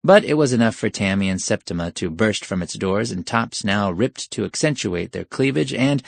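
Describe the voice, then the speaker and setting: A man's voice: medium pitch, vocal fry, no room sound. Wry male audiobook narrator. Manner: wry, sardonic storytelling. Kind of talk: scripted narration.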